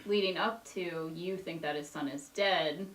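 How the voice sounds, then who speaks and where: Woman co-host, casual movie chat, lowish voice, echoey room, away from mic. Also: measured pace, distant mic. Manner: relaxed, chiming in with short remarks. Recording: roomy sound from off-mic.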